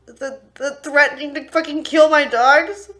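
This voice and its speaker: Young woman streamer, angry and profane, high bright voice, raw live rant. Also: fairly even intonation, a little slow. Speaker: livestreamer. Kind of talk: unscripted livestream rant.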